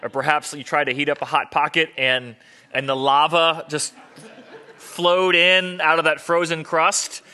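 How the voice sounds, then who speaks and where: A man's voice: a little high, little pitch movement, a little slow, bright, forceful tone, clean tone. A man preaching a sermon as pastor, talking conversationally and joking with the congregation.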